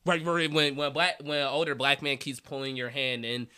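A man's voice: mid-range voice, level tone, brisk, sharp tone, clear, resonant tone. A young man telling a comedy story in a casual podcast chat. He laughs often, swears, and acts out other people's voices. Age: young adult.

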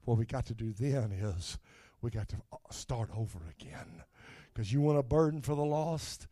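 An older man preaching a sermon, moving from soft, low talk to shouted, high-pitched preaching punctuated with "uh, amen". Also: normal speed, no echo, studio quality.

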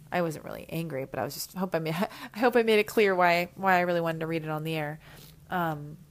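Earnest, rambling woman podcast host. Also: on the low side. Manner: earnest and rambling, with frequent fillers and restarts; emphatic, repeats key points. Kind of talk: casual, heartfelt advice chat.

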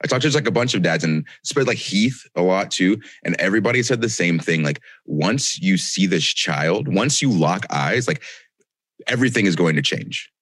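A man's voice: sits low, lively intonation, moderate pace, a bit bright, breathy edge, dry recording. A man co-hosting a podcast, talking in a rambling, reflective way with many restarts. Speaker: podcast co-host. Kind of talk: casual chat.

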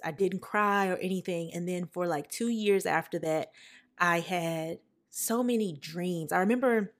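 A young woman hosting a podcast, talking casually and emotionally to her listeners, calling them y'all. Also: on the low side. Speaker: podcast host. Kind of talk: casual personal podcast talk.

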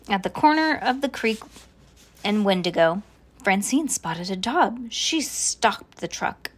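A woman reading a children's chapter book aloud, voicing the characters with lively jumps in pitch. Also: takes it slowly. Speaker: reader.

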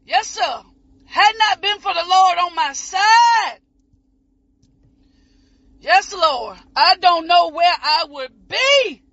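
A woman preacher in full ecstatic sermon, shouting, whooping and near tears. Her voice sits very high and cuts bright. The recording is muffled and lo-fi. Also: expressive, slow, dry recording. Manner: impassioned, shouting and whooping, voice breaking as if crying.

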